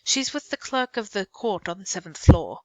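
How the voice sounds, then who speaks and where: A man's voice: sits high, lively intonation, normal speed, a bit bright, no echo. A woman reading aloud and voicing a polite, confident, well-dressed male attorney.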